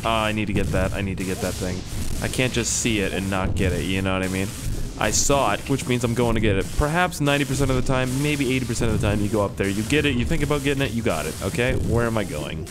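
Talking fast over music, a young man from Canada with a fairly low voice provides let's play commentary for his gaming YouTube channel. He rambles, cracks jokes, and swears to himself as the game goes on.

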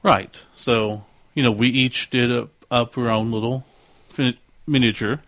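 A male podcast co-host with a mid-range voice tells stories in a lively way. He often acts out what other people said. The sound is dry and close to the mic. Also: medium pitch, measured pace, dry recording. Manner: animated storyteller who acts out quoted voices. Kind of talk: casual podcast chat.

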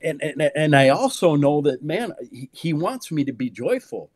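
A man in his fifties, a pastor, talking in an animated preaching way, swinging from low murmurs to loud, high exclamations and leaning on "man" for emphasis. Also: normal speed, no room sound. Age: 50s. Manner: peppers speech with "man", repeats words for emphasis.

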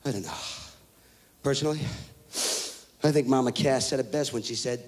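A man in his thirties doing a loud, profane stand-up rant on a live stage. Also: mid-range voice, normal speed, noisy background. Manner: loud, profane, ranting, mocking voices. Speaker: stand-up comedian. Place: stage before a live audience. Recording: live stage recording with audience.

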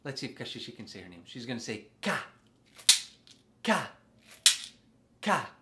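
A man hosting a children's music lesson, speaking slowly and simply to small children and asking them questions. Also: mid-range voice, expressive. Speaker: children's music teacher and host. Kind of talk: children's sing-along lesson. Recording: loud background noise.

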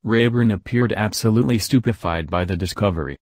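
A man narrating an audiobook in a steady, measured storytelling manner. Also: fairly low pitch, no room sound. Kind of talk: scripted narration.

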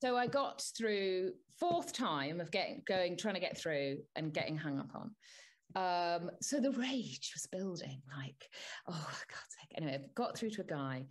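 A woman co-hosting a podcast in casual chat, telling an exasperated story with animated energy. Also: on the low side, moderate pace. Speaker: podcast co-host.

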